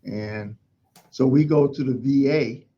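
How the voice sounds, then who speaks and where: A middle-aged man from Pennsylvania, a fire chief, telling stories in an interview in an emphatic, animated way. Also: mid-range voice, slow pace, breathy edge, lo-fi sound. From Pennsylvania, USA. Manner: emphatic, animated storytelling with acted-out quotes. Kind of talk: storytelling in an interview.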